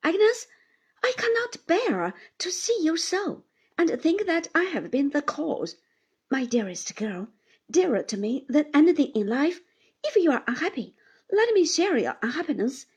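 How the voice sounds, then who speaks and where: A woman voicing an earnest young man who pleads in a hushed, breathy voice. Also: sits high, very animated, measured pace, voice pushed up. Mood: pleading.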